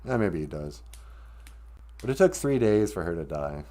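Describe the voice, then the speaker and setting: A man's voice: low voice, sing-song, moderate pace, mellow. A man hosting a live stream from home, talking candidly and rambling, with frequent asides that interrupt himself. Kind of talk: casual live-stream talk.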